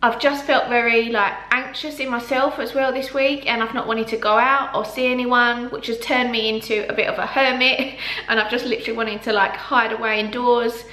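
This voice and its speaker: Bright-voiced chatty young woman. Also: fairly high pitch, fairly even intonation, normal speed. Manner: chatty, lots of "like" and "um" fillers. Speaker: vlogger. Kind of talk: casual pregnancy vlog. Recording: echoey room.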